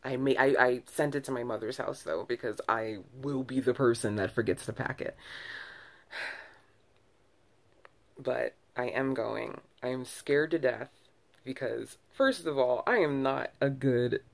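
A woman's voice: very deep voice, measured pace, gravelly. A woman vlogger talking to camera in a loose, candid ramble, full of restarts and self-corrections, with sighs between thoughts. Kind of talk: casual early-morning ramble to camera.

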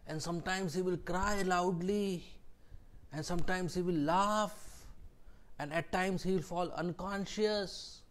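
Giving a scripture class, this man shares a devotional story at a slow, deliberate pace with fairly even intonation. His pitch runs fairly high, and he sometimes lowers to a hush to stress a point.

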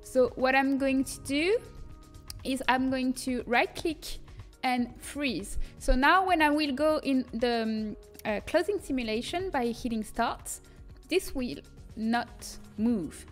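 A French-accented young woman with a high, light voice walks viewers through a 3D design tool on a livestream. She chats easily, laughs often and breaks off to answer chat. Soft music plays faintly underneath. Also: slow pace. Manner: chatty, laughs often, reads chat aloud. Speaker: streamer teaching custom content. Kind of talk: casual livestream tutorial.

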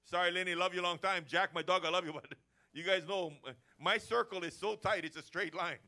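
At a church service, a pastor preaches briskly in a bright, forceful voice that sits a touch high for a man. The sermon stays energetic, and he slips into everyday chats to make his points.

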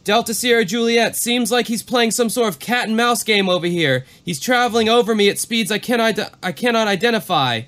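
A man voicing a worried young pilot calling in on his radio, pitched high above his own speech and pushed loud, urgent and rising. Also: brisk, few pauses. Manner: urgent, rising, reading from a transcript. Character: anxious young male pilot radioing control.

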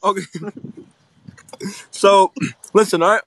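A man's voice: high voice, steady tone, measured pace, long pauses, a bit bright, dry recording. A man hosting a crude improvised comedy skit, teasing and goofy. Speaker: host of a plush-toy channel.

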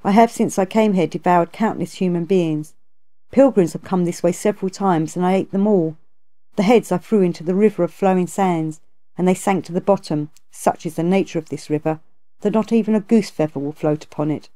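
A woman's voice: lowish voice, a little fast, dark tone, lightly acted. A woman reading aloud, voicing a remorseful male river monster confessing his past. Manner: confessing, earnest.

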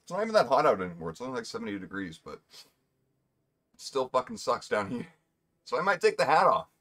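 Fast and slightly bright, this young man's mid-range voice swings wildly in pitch as he streams a video game. He rambles casually, muttering joking asides to himself.

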